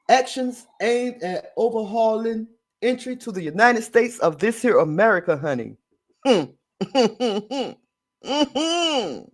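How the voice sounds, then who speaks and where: A high-pitched man hosts a casual live-stream talk show, reading headlines and then breaking off into chatty, sassy remarks. He calls his listeners girl, honey and y'all, and laughs easily between stories. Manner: reads news items then adds sassy asides, calling listeners girl and honey; chatty, laughs often, addresses the audience as y'all.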